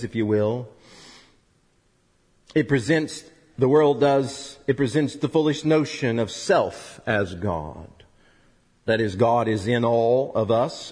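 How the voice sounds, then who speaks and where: A man preaching a sermon, emphatic, rising loud and high then dropping low and soft, asking rhetorical questions. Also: breathy edge. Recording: long reverb of a hall.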